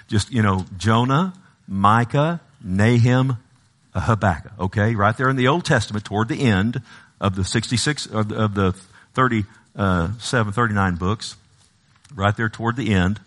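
A man's voice: normal speed, fairly bright tone. A man preaching a sermon, repeating his words and calling out to the congregation, at times rising to a pleading cry. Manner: preaching, rising to impassioned high-pitched pleading. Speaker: pastor.

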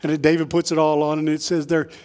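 A man preaching a sermon in a conversational way, tossing in quick asides and jokes for the congregation. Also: fairly high pitch, monotone, darkish tone. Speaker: pastor.

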